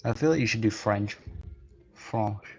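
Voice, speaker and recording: A man chats casually to his live-stream viewers, full of jokes at his own expense. His voice sits on the low side. The recording is muffled and lo-fi. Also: unhurried, slightly rough. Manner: joking, self-deprecating, chatty. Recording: dull lo-fi recording.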